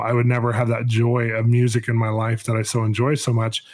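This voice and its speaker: Earnest man telling a faith story. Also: medium pitch. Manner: earnest, storytelling with many restarts. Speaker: podcast host. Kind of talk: personal testimony.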